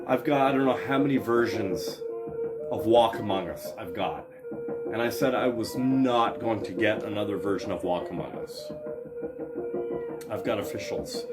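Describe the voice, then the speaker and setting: A man in a casual, profane vlog monologue, excitable and emphatic, swearing constantly and firing off punchy lists. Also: lowish voice, normal speed, over loud music. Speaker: vlogger showing his record purchases.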